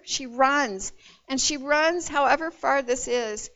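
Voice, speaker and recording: A woman retelling a Bible story in a sermon, expressive and storytelling, with casual asides to her listeners. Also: high voice, slow. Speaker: Bible teacher. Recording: dull lo-fi recording.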